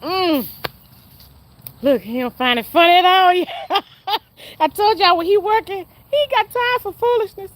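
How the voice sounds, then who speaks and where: High-voiced, laughing woman vlogger. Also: unhurried, pauses often, no echo. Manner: chatty, full of laughter, speaks straight to the viewers. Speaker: vlogger talking to viewers. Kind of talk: casual outdoor vlog chat. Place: outdoors in a yard.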